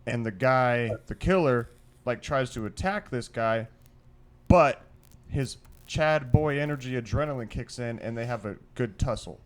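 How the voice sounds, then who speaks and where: A man's voice: mid-range voice, unhurried, a little hiss or hum. A man co-hosting a podcast in a studio, brainstorming in a rambling, profane way, full of restarts and swearing. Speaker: podcast co-host. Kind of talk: casual brainstorming chat.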